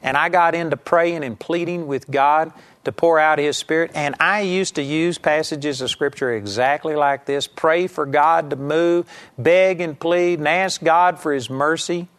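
A man's voice: on the high side, a little slow, a bit bright. A man giving a televised Bible teaching, emphatic and rising sharply when he voices quoted pleas.

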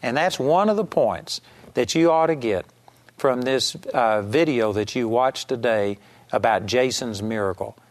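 A man's voice: mid-range voice, unhurried. A man preaching a sermon, urging his listeners with emphatic, repeated exhortations. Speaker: Bible teacher. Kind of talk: sermon teaching.

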